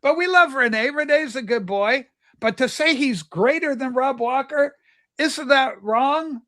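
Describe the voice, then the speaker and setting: A man's voice: extremely high pitch, measured pace, sharp tone. A man hosting a casual livestream chat, teasing and exclaiming as he talks. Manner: exclaims "holy smokes", teasing. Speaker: livestream host. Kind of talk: casual banter.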